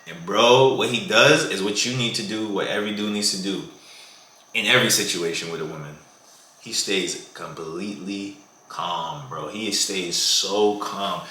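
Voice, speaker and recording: Young guy vlogging dating tips, low voice, lots of slang and "bro", roomy echo. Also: a little slow, bright, forceful tone. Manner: slangy, says "bro" a lot. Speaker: dating advice creator. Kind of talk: casual vlog monologue. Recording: echoey room.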